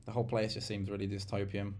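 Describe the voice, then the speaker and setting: Host, man, lowish voice, frank opinions, talks to the audience. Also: level tone, fast talker, a little mellow, a little hiss or hum. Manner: frank, opinionated, addresses viewers directly. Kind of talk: casual commentary.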